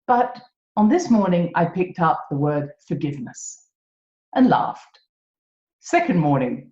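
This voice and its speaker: British woman, self-mocking podcast host. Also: fairly low pitch. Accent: British English. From Britain. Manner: gentle, self-mocking, laughs often. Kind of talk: reflective solo podcast talk. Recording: echoey room, dull lo-fi sound.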